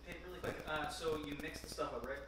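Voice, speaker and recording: A person filming off-camera, asking quick questions and joking in casual banter in a kitchen. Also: mid-range voice, fairly even intonation, a bit bright. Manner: joking, teasing. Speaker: off-camera camera operator. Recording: distant, echoey, noisy kitchen.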